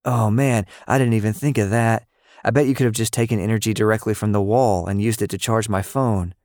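A man's voice: fairly low pitch, fairly quick, no echo, studio quality, pitched above the performer's own voice, natural voice. A man voicing an enthusiastic, supportive boy who praises his friend in an audio story. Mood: excited. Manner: excitable and praising.

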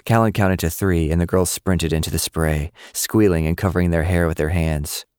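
A man narrates a novel in a steady, measured way. His voice sits very low. The recording is close and dry, with no room sound. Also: clear, resonant tone, no room sound. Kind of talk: scripted audiobook narration.

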